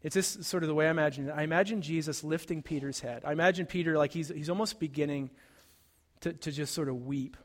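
A man with a notably high voice delivers a sermon as a casual, conversational story. He keeps asking "right?" and leans on "like." A long reverb trails behind his voice, as in a large hall. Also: quick pace. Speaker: pastor.

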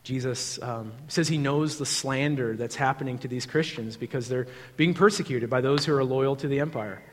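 A man's voice: medium pitch, moderate pace. Man preaching in a reverberant hall. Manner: dynamic, swings from loud to hushed and intimate; conversational with fillers like "um" and "like". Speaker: pastor. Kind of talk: sermon.

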